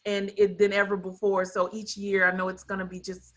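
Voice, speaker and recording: A woman's voice: mid-range voice, monotone, brisk. A woman guest on a video-call interview, upbeat and jokey. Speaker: guest, foundation founder.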